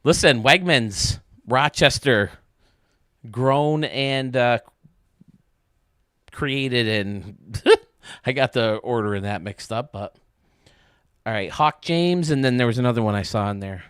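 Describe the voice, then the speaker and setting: A man's voice: mid-range voice, takes it slowly, pauses often, clean tone, no echo, studio quality. Joking, foul-mouthed male streamer. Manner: chatty, joking, swears freely, talks to viewers by name. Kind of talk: casual live-stream chat while gaming.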